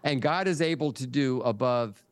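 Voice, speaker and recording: An older man, a guest on a podcast, speaking in a measured, reflective way. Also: medium pitch, clean tone, no room sound. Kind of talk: conversational interview.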